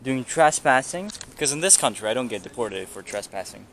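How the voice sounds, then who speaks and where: A man's voice: lowish voice, fast talker. A young man talking casually to his camera as a travel vlogger, joking and laughing often as he tells stories. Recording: loud street noise behind.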